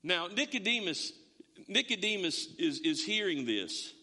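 A male pastor preaches in a very high, bright, forceful voice that is sing-song and measured in pace. Emphatic, he stacks repeated words to drive each point home, while a large hall lends a long reverb.

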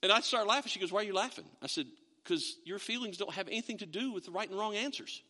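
A man preaching a sermon to a congregation, animated and acting out the imagined voices of other people as he talks. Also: sits high, quick pace, in a large hall. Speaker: pastor.

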